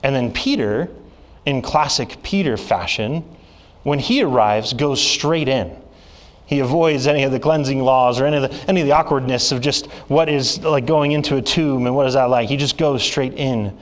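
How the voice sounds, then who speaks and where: A young man gives a sermon in a church, telling personal stories in a relaxed, conversational way. His voice sits at an ordinary middle pitch, and he slips into animated voices when he quotes people. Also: moderate pace. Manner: storytelling with lively acted quotes. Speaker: preacher.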